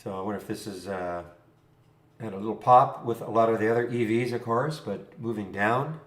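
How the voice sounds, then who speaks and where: A man's voice: fairly low pitch, brisk. Rambling man in a roomy room. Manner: rambling, chuckling, thinking aloud. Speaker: trading room host. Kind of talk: live trading stream chat. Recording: roomy echo.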